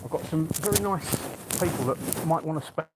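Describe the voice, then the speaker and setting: A man's voice: a little high, fairly quick, heavy background noise. A man filming himself outdoors and bluntly confronting council staff in a chatty, assertive way. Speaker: activist filming a council meeting. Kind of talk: handheld confrontational vlog. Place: outdoors outside a council building.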